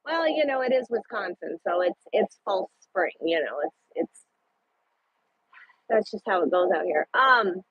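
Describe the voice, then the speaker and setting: This woman trucker talks a little slowly in a mid-range, animated voice with a breathy edge and no echo. She's parked at a rest area, casually chatting with live-stream viewers and cursing occasionally, captured in dull lo-fi audio.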